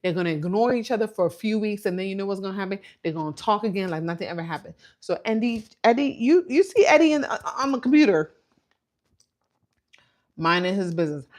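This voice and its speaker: A woman hosting a casual reality TV recap, her pitch rising and falling as she tells the story. She talks animatedly and acts out what each person said along the way. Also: quick pace. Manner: animated storytelling, mimicking quotes. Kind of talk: casual commentary.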